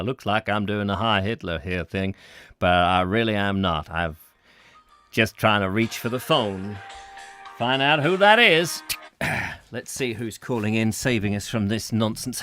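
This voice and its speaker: Bright, jokey man hosting a live show. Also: lowish voice, animated, unhurried, dry recording, studio quality. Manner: rambling, jokey, chatty asides. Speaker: host. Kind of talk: comic chat-show sign-off.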